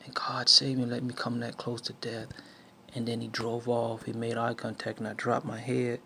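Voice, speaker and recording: A man's voice: medium pitch, monotone, normal speed, gravelly, sharp tone, slight background noise. A man from the southern United States telling a personal testimony in a preaching tone, with many restarts and fillers. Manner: storytelling with many restarts and fillers, acts out quotes. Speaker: speaker sharing a life lesson.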